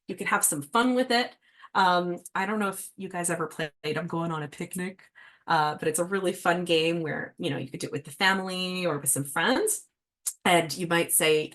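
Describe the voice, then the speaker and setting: A woman's voice: mid-range voice, a bit bright. Casual, friendly woman reading specialist. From Canada. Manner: friendly, casual teaching with fillers. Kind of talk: parent workshop talk.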